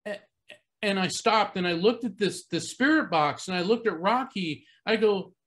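A man's voice: high-pitched, expressive, normal speed, a bit bright. A middle-aged man from Central Florida telling a personal story to a live audience as a psychic medium, earnest and conversational, with many fillers and restarts. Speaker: psychic medium giving a talk.

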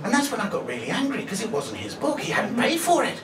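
Pitched high and swinging wildly in tone, a stand-up in his forties rattles through a self-deprecating, chatty story full of "right?". He's on a comedy venue stage in a reverberant live room, recorded from a distant mic with a loud crowd behind him.

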